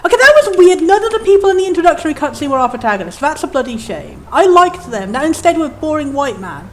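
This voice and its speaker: A woman's voice: high-pitched, sing-song, fast talker. A young woman giving chatty, enthusiastic and opinionated commentary as she plays a game. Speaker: let's play host.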